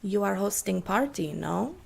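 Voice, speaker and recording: A man's voice: sits high, vocal fry, husky, full character voice. A woman doing a menacing man with an Eastern European accent. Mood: threatening. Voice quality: heavy accent, broken English. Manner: slow, flat, threatening. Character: menacing middle-aged male gambler, cold and threatening.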